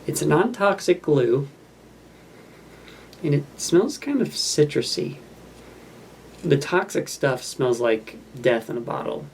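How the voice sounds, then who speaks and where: A gravelly, fry-edged voice that wanders through loose, self-mocking commentary as a film plays, fiddling with a model kit between remarks. A faint hiss of noise sits under it. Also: medium pitch, expressive, takes it slowly, long pauses. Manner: rambling, self-mocking, offhand. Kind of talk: casual running commentary over a film.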